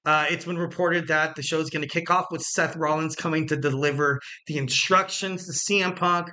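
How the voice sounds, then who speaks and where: A man hosting a wrestling podcast alone, rambling casually with jokes, fillers and quick self-corrections. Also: on the high side, fairly even intonation, pushed and bright. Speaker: podcast host.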